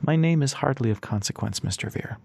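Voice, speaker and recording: A smooth, evasive older man speaks in measured, formal phrases, as a male narrator plays him. There is a quietly sly edge to how he talks. The sound is dry. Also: medium pitch, expressive, no room sound.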